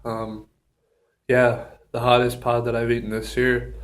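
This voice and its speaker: A man talking casually in a solo review vlog, halting with many ums and pauses, a bit out of breath, with a runny nose and a burning mouth. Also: mid-range voice, monotone. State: slightly out of breath from pepper heat. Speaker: pepper reviewer.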